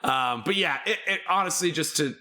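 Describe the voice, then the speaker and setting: A man with an excitable, emotional manner who swears often, chatting casually as game master on a live stream. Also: fairly high pitch, moderate pace.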